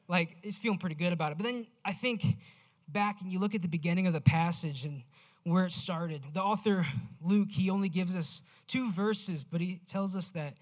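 A man preaching a sermon in a casual, animated storytelling manner. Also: high-pitched.

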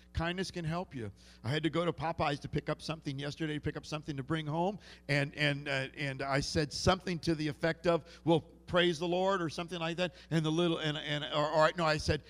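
Pastor telling stories in a reverberant church. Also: male voice, a little high, fairly bright tone. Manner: folksy storytelling with many restarts. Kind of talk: sermon. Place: church sanctuary. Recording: long hall reverb.

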